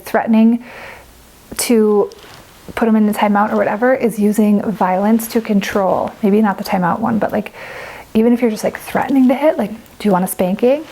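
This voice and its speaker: A woman's voice: fairly high pitch, mellow, rough recording. A young adult woman giving casual, earnest parenting advice to camera, chatty and full of filler words. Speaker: parent vlogger.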